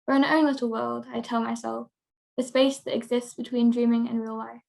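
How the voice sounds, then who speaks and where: A teenage girl reading her own prose piece aloud in a steady, measured way. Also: fairly high pitch, vocal fry. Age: teens. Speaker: young writer.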